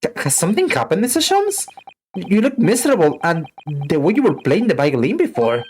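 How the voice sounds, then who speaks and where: A woman's voice: fairly low pitch, sing-song, a little fast, darkish tone, slight background noise. A woman reading the lines of a polite, earnest young male lawyer in a game, sounding puzzled.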